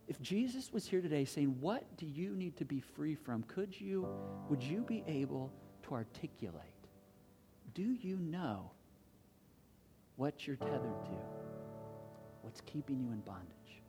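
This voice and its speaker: A pastor delivers a sermon from a church sanctuary, the voice trailing off into a long, ringing reverb. The delivery is impassioned, with repeated rhetorical questions, and it swings between loud pleading and a hushed intensity. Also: mid-range voice, very animated, measured pace, long pauses, over music.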